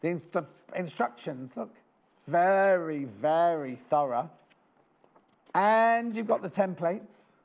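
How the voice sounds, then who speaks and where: A man hosts a live shopping show, chatting and joking as he sells. His pitch sits a little high and leaps around a lot. There is a gravelly edge to his voice. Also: lively intonation, slow, muffled recording. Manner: chatty, enthusiastic, jokey. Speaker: shopping channel presenter. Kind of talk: live TV sales chat. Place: TV studio.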